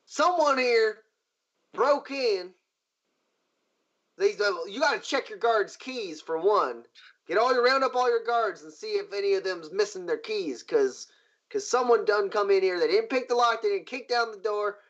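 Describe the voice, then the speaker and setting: Give me a man playing a blunt frontier marshal woman with a folksy drawl, raised pitch, muffled recording. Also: moderate pace, fairly bright tone. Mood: brisk.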